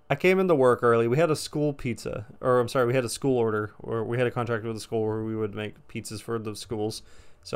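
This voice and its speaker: A man telling a casual story to camera, animated and exasperated, swearing often. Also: medium pitch, clear, resonant tone. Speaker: storytime vlogger.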